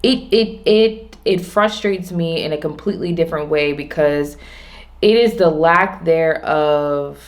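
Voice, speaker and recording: Woman, low voice, casual reflective vlog, rambling with restarts, slows down to stress points. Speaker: vlogger.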